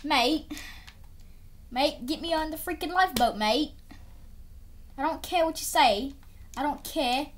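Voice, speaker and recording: A woman's voice: high-pitched, measured pace, long pauses, slight background noise. A woman voicing a stubborn, pushy passenger in a put-on British accent, tacking "mate" onto her complaints in a game.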